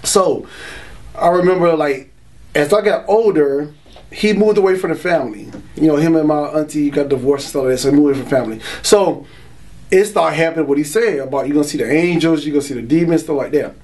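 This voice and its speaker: Young man from Florida, slightly high voice, loose street slang, testimony told straight to camera. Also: fairly quick, darkish tone. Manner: streetwise slang, frequent "you know" and "y'all". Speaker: man giving a religious testimony. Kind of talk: casual spoken testimony.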